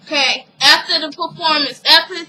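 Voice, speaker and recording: A woman casually recapping a TV episode for her viewers, animated and emotional, with frequent asides to the audience. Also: high voice, moderate pace, a little hiss or hum, poor audio.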